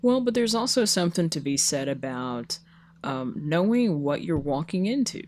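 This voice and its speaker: A woman's voice: low-pitched, sing-song, normal speed, darkish tone. A woman co-hosting a podcast in casual chat, telling stories animatedly and acting out the people she quotes. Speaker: podcast co-host.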